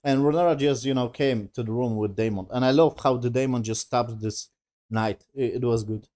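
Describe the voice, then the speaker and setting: A man with a dark, mellow voice reviews a TV episode in a casual, profane recap. His English has non-native grammar, and he slips into quick impressions of the characters. He sits at a middling pitch. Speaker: TV show reviewer.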